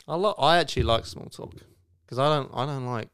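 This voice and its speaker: A young British man with a smooth, clear voice talks through a casual podcast chat. He is laid-back, laughs easily and lets his sentences drift off before finishing. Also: medium pitch, fairly quick, fairly bright tone. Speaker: podcast co-host.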